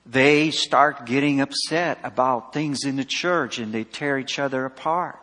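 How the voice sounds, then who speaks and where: A man preaching a sermon, emphatic, swinging between loud and soft, acting out dialogue with a slightly husky voice. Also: medium pitch, unhurried. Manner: emphatic, rising and falling sharply, acts out dialogue. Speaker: pastor. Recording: long hall reverb.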